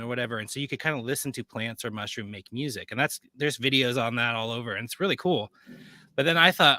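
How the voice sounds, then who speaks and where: Bright-voiced chatty man. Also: mid-range voice, fairly quick, no echo. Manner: rambling, many fillers and self-corrections. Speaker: guest. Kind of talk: casual chat.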